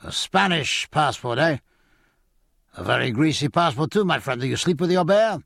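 A man's voice: fairly high pitch, expressive, normal speed, vocal fry, fairly bright tone, dry recording, pitched above the performer's own voice, heavily acted. Guy playing a bossy gendarme, officious and smug, dry close mic. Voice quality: officious, blustering. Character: pompous French gendarme sergeant, officious, leering.

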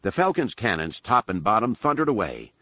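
A deep-voiced man narrating an audiobook in a measured, dramatic way. His voice sits very low, and the recording is dry and close with no room sound. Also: big pitch swings, bright, forceful tone, no room sound. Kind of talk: scripted narration.

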